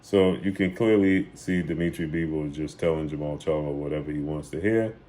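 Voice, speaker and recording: A man's voice: extremely low pitch, fairly quick, warm tone. A man hosting a sports channel, casually retelling and commenting on boxing clips with emphatic repetition.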